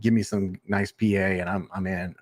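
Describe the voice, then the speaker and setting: A man in his forties from Texas chats as a podcast guest. He sounds friendly and a bit hesitant, pausing with fillers as he goes. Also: low-pitched, level tone. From Texas, USA. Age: 40s. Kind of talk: casual chat.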